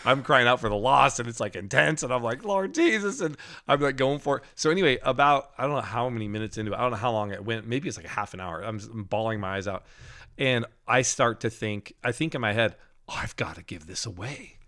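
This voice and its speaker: A man co-hosting a Christian podcast, telling a personal spiritual experience in a casual, animated way, laughing often and restarting his sentences. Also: medium pitch, quick pace. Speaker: podcast co-host. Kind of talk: casual faith testimony.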